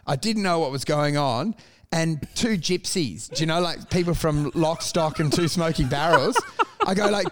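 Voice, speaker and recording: High-voiced, sweary man. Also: moderate pace. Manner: sweary, animated storyteller, acts out quotes. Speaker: guest telling stories. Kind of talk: casual chat.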